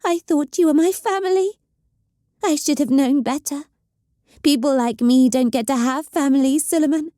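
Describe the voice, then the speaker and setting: Playing a young female psyker cultist who is bitter and volatile, a woman hisses, snarls and shouts angrily, sounding menacing. She uses a high voice pitched above her own but close to everyday speech, moving at a moderate pace. The clean studio sound has no echo.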